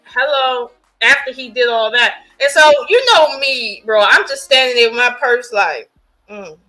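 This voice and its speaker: A woman's voice: sits high, animated, normal speed, bright, forceful tone, faint music behind, poor audio. A middle-aged woman telling a frank, stern story in a casual podcast chat, with plenty of fillers.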